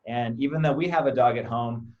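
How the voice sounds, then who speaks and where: A man's voice: mid-range voice, brisk, muffled recording. A man in his thirties, a behavior analyst, talking casually in an interview and explaining his work through acted-out everyday examples, often checking in with "right?". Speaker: behavior analyst, clinic co-owner.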